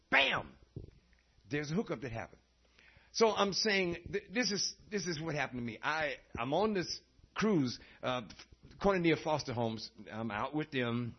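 A man preaching a sermon, telling stories in an animated way and laughing often. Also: a little high, husky. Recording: dull lo-fi recording.

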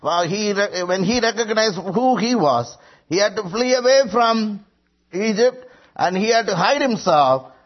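A man's voice: sits high, expressive, a little slow. A man preaching a sermon, emphatic and rising on quoted lines, with frequent hesitations. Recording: muffled lo-fi recording.

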